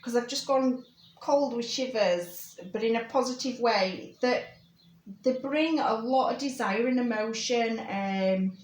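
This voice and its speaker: A woman giving a personal tarot reading, talking gently and reassuringly with many fillers and check-ins. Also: a little high, a little slow, roomy sound. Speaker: tarot reader.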